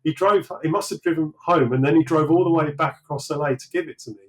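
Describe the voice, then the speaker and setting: A man's voice: on the high side, fast talker, low-quality recording. A British man, likely in his thirties, talking through his career in a casual interview, rambling with many fillers and restarts. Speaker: sculptor guest.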